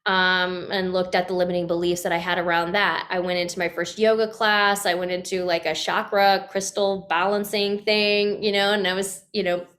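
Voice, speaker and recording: Animated woman telling a personal story. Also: lowish voice, normal speed, few pauses. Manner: animated, acts out quoted voices, frequent fillers and restarts. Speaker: podcast guest.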